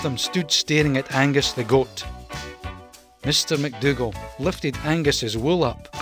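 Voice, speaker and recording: A storyteller reading a children's storybook aloud in a slow, expressive way. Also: mid-range voice, over music.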